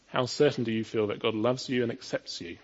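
A man's voice: medium pitch, steady tone, brisk, highs cut off. A man preaching a sermon, earnest and full of rhetorical questions, building to emphatic peaks.

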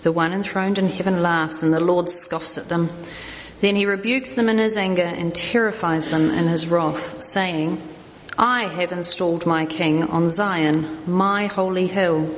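A woman's voice: lowish voice, fairly even intonation, a little slow. A woman reading a psalm aloud during a church service, careful and plain, now and then tripping over a word. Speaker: scripture reader. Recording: echoey hall with faint noise.

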